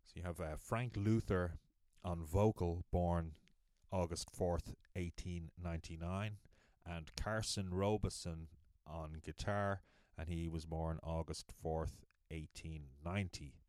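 Male podcast host, low voice, relaxed explainer, dry close recording. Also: measured pace, dry recording. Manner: relaxed, explanatory, some fillers. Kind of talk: casual spoken introduction.

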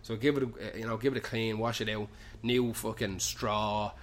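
A man's voice: on the low side, little pitch movement, moderate pace. A young man with a Dublin-tinged Irish accent, hosting a show from a pub and telling a rambling comic anecdote full of swearing. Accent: Irish, Dublin slang. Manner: heavy swearing, loose run-on storytelling. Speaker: podcast host.

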